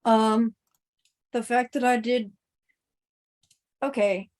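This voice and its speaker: Woman, panelist, slow, deliberate, thoughtful, fairly high pitch. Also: steady tone, darkish tone. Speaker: stream panelist. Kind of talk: casual panel chat.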